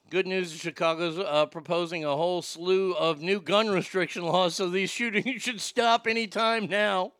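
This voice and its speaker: A man's voice: sits high, steady tone, normal speed, few pauses, a bit bright, no echo, studio quality. Blunt, profane male talk host. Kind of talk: casual opinionated chat.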